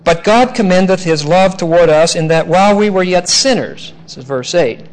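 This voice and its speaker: A man teaching a Bible passage verse by verse, measured and emphatic, explaining Greek grammar. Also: a little high, slight background noise, low-quality recording. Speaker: preacher.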